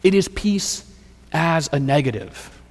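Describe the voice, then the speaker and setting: A man preaching a sermon as pastor, measured and rhetorical, building points through repeated phrases. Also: on the high side, lively intonation, in a large hall.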